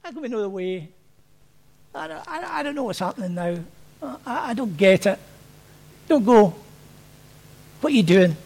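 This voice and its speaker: A flustered male disciple who stammers and pleads in a high, fretful voice, as a preacher puts him on. He sounds lost and worried, and he trips over his words. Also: sing-song, moderate pace, gravelly, pauses often, darkish tone, heavily acted, rough recording. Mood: bewildered. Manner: stammering, pleading, muttering to himself. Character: anxious bewildered male disciple.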